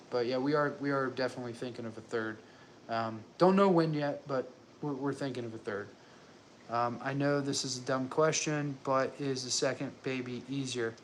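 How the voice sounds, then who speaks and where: A young man of middle pitch talks to his viewers from home, loose and chatty, tripping over his words and circling back as he goes. A faint hum of the house hangs behind him. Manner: rambling and chatty, with frequent fillers and restarts. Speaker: working dad vlogger. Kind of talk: casual talk to camera.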